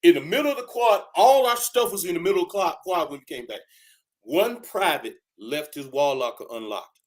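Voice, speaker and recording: On a video call, an older man who retired as an army first sergeant swaps basic-training stories in a loose, conversational way. His voice runs high and brisk, and he animatedly acts out the people he describes.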